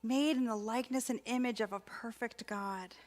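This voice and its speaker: Woman preaching a spiritual talk, higher voice, chatty and expressive. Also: moderate pace. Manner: expressive, repetitive emphasis, conversational. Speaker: spiritual practitioner and ministry student speaker. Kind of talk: inspirational sermon talk.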